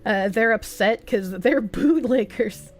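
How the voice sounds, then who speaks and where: Casual: high-pitched young woman streamer, yapping and cussing at chat, lil bit of music in the back. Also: slow. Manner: animated, swears freely, reads chat aloud. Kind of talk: casual livestream chat reading donations. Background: faint music.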